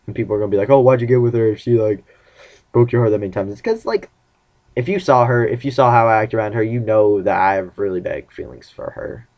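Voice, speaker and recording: Teenage boy, casual vlog, rambling, acts out dialogue, lower pitch. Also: lively intonation, fast, dull audio. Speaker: vlogger.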